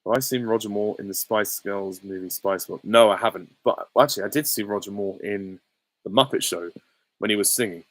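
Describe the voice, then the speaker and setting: A man with a lowish voice, talking casually through viewer questions on a livestream. He rambles, restarts and fills gaps with ums. The sound is dry and close, with no room around it. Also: fairly quick, fairly bright tone, no room sound, low-quality recording. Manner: rambling, many fillers and restarts. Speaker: YouTube host answering viewer questions.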